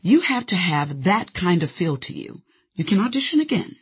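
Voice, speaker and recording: A woman's voice: on the low side, sing-song, normal speed, breathy edge, exaggerated voice. A woman voicing a kind but direct female casting director, firm and matter-of-fact.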